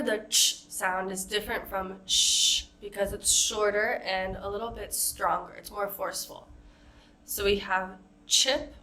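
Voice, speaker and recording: A woman with an American accent teaching a pronunciation lesson, modeling example words slowly and carefully. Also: medium pitch, sharp tone. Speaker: accent coach.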